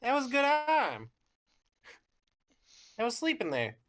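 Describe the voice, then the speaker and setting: A man's voice: very high-pitched, huge pitch swings, unhurried, a bit bright, voice pushed up, exaggerated voice. A man voicing a cranky small creature that swears after being woken. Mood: indignant. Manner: swearing, indignant.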